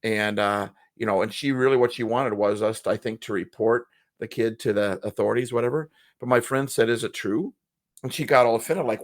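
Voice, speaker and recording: A man's voice: mid-range voice, fairly quick. Motivational man telling stories. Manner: motivational storytelling, acts out quoted people. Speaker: co-host and school assembly speaker. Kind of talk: casual chat.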